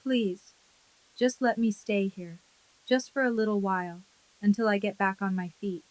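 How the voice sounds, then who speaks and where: A woman's voice: medium pitch, steady tone, normal speed, dry recording, natural voice, low-quality recording. A woman voicing a broke, desperate older sister who pleads with a cracking voice. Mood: pleading.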